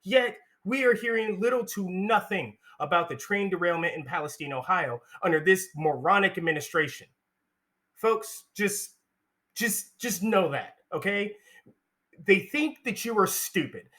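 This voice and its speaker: A man's voice: high-pitched, expressive, a little slow, bright, forceful tone. A young man hosting a solo political commentary, ranting in a heated, indignant and sarcastic way.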